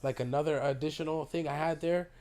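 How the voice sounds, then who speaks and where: A man hosting a podcast, telling a story in a casual, animated way, swearing freely, his voice worn by a sore throat. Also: fairly high pitch, quick pace, smooth. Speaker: podcast host. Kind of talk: casual chat.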